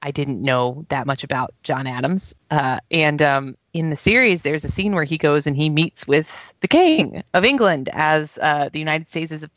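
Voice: medium pitch, expressive, normal speed, hardly any pauses, fairly bright tone, no room sound. Rambling speaker on a dull, dry line. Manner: rambling, heavy use of "like". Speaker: podcast panelist. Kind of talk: casual discussion.

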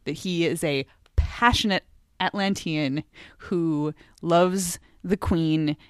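A woman's voice: fairly low pitch, slow pace, clean tone, no echo, clean studio sound. Playful, emphatic woman hosting a podcast. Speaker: podcast host. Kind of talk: casual chat.

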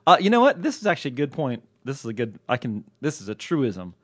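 A man's voice: mid-range voice, huge pitch swings, fast, fairly bright tone, slightly rough, no echo. A man hosting a podcast in casual, jokey banter, self-mocking and laughing often. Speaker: podcast host.

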